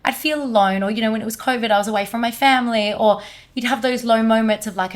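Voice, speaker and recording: A woman's voice: fairly high pitch, fast. Chatty woman telling a story. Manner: animated, many fillers like "like". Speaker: energy healer, guest. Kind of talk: casual conversation, storytelling.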